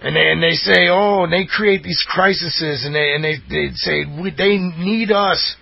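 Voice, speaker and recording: A man's voice: on the high side, steady tone, normal speed, creaky, husky, no room sound. A man delivering a fired-up, rambling monologue as host, emphatic and insistent. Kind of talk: impassioned conspiracy monologue. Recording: dull lo-fi audio.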